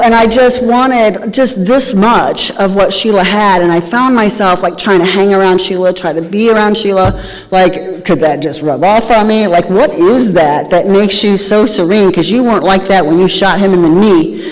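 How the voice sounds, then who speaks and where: A woman's voice: medium pitch, normal speed. A woman in her thirties or older, telling her recovery story at a meeting with candid, humorous storytelling. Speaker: speaker sharing recovery story. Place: large hall at a live event. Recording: reverberant hall.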